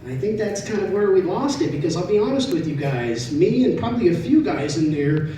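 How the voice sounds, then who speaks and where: A middle-aged man doing a stand-up comedy set, telling stories in a conversational way, loud at the punchlines and quiet in the asides. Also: high-pitched, animated, a little fast. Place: comedy club stage. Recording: echoey room, distant mic, audible noise.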